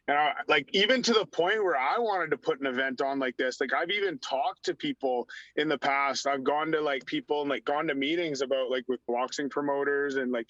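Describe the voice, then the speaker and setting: A man's voice: on the high side, a bit bright, no room sound. A young man and former hockey player, a podcast guest, telling a story in casual interview chat, rambling and saying "like" constantly. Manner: rambling, heavy use of "like". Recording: dull lo-fi audio.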